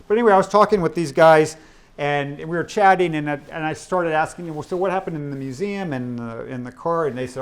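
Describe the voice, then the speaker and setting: A middle-aged man giving a keynote lecture, telling stories from his reporting in a casual, conversational way with frequent ums and restarts. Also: fairly high pitch. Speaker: keynote speaker. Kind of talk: lecture storytelling. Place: lecture hall.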